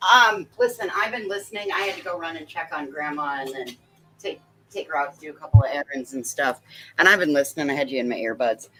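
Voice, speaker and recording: Very low-voiced woman on a livestream panel. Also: lively intonation, fast talker, fairly bright tone, faint music behind. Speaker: panel guest. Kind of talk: livestream commentary.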